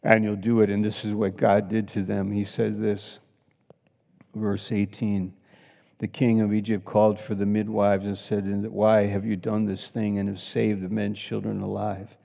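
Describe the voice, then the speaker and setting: A man pastor preaching a sermon with passion, swinging between loud exclamations and hushed asides. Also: lowish voice, completely flat delivery, moderate pace, vocal fry. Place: church sanctuary. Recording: long hall reverb.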